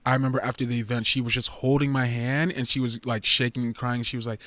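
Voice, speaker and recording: A man hosting a casual livestream chat, animated, jumping between loud excited outbursts and quieter asides. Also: mid-range voice, quick pace, few pauses, no room sound. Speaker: livestream host.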